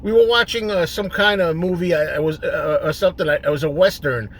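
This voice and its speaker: A middle-aged man hosting a solo rant video, exasperated and repetitive, building up to shouting. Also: fairly high pitch, a little fast, a little hiss or hum.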